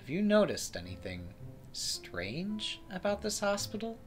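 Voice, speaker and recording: Secretive nurse sharing rumors; lively pitch, a man reading. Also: a little slow, faint music behind, full character voice. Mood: confiding. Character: secretive, gossipy hospital nurse.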